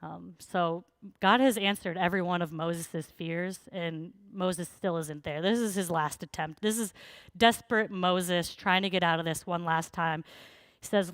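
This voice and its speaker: Woman pastor, casual sermon, lowish pitch, smooth clear voice, dry close sound. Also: steady tone, unhurried, no echo. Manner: conversational, frequent fillers.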